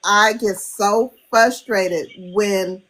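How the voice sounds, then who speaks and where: A woman's voice: medium pitch, fairly even intonation, extremely slow, fairly bright tone, low-quality recording. A woman hosting a podcast, earnest and grateful, close to tears as she talks. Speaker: podcast host. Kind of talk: casual podcast chat.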